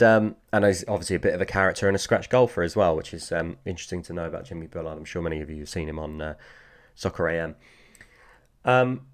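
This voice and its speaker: A man talking casually about his card collection, rambling and repeating himself with many fillers. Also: sits low. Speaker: sports card collector vlogger. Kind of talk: casual chat.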